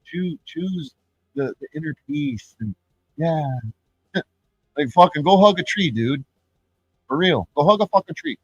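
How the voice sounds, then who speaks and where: Male streamer, impassioned and profane, wildly swinging pitch, fairly high voice, dry sound. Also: expressive, a little slow, pauses often, breathy edge, dry recording, lo-fi sound. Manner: mimics others in sing-song voices; laughs between points. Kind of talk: ranting livestream monologue.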